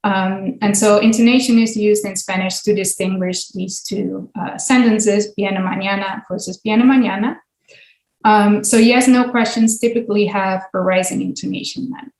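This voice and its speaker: A woman's voice: medium pitch, steady tone, normal speed, creaky, hardly any pauses, darkish tone. A woman linguistics professor giving an academic lecture with slides, explaining patiently with frequent ums and uhs. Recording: echoey room.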